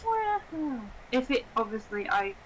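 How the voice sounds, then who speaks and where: A woman's voice: high-pitched, very animated, slow pace, rough recording. A woman playing in a tabletop game, eagerly asking the game master how the rules work. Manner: eager, asks rules questions. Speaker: player. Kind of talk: casual tabletop game chat.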